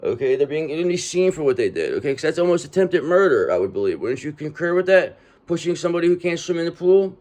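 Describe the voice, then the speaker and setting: A man's voice: fairly high pitch, sing-song, quick pace, hardly any pauses, a little mellow. Man giving a streetwise tarot reading. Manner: street-talking, repetitive, reassuring with frequent "okay?". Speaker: tarot reader. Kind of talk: casual tarot reading monologue.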